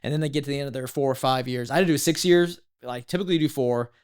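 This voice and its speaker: Fast-talking man telling his story. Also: mid-range voice, smooth. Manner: animated, peppered with "like" and "legit". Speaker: podcast guest. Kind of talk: casual storytelling.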